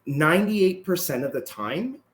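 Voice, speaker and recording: A man's voice: a little high, measured pace, echoey room. A Canadian man speaking casually as a podcast guest, keeps adding "right?" to his sentences. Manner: relaxed, tags sentences with "right?". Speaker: podcast guest, martial arts instructor. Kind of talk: casual conversational storytelling.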